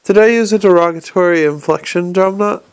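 A man's voice: high-pitched, smooth, voice pushed up. A man playing Vetinari, a cold, dry tyrant. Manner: dry, measured, faintly mocking. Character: cold, urbane male city tyrant, unhurried.

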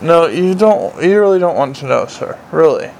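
A man's voice: a little high, very animated, normal speed, creaky, a little mellow, a little hiss or hum, rough recording. A man voicing an earnest, dutiful young watch captain who speaks politely.

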